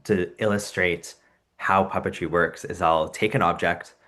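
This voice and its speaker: Deep-voiced man telling stories. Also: fairly even intonation, moderate pace, a bit bright. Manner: thoughtful storyteller, acts out anecdotes. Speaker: professional puppeteer, podcast guest. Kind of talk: casual interview chat.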